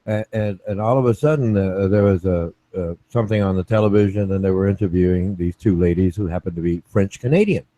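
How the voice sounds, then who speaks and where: A man's voice: deep voice, a little fast, few pauses, dark tone, dry recording. A man hosting a casual online chat, rambling with many restarts and tag questions like "right?". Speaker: show host.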